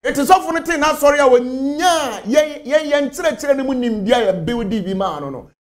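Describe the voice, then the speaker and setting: A man's voice: extremely high pitch, lively intonation, normal speed. A man from Ghana, a spiritual leader, answering interview questions emphatically and repeating his phrases.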